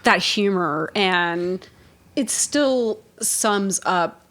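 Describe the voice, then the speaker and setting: A woman in her forties, an interview guest, telling a funny story in an animated, laughing way and swearing freely. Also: mid-range voice, drawn-out words.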